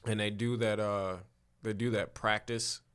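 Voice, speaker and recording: A man's voice: on the low side, little pitch movement, a little slow, a bit bright, smooth. A man with a Chicago accent, a comedian co-hosting a podcast, retelling a movie scene in a rambling, profane, chatty way. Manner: rambling, profane, laughs while telling. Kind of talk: casual chat, storytelling.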